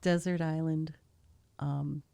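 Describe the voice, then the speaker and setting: A woman's voice: sits low, steady tone, slow, vocal fry, warm tone. A woman, a musician, guest on a podcast, speaking casually and hesitantly with many fillers. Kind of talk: casual chat.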